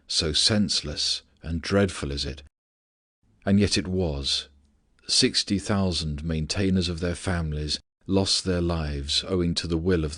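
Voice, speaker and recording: Low-voiced guy reading an audiobook, steady pace, dead dry close sound. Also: dry recording. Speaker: audiobook narrator. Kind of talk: scripted audiobook narration.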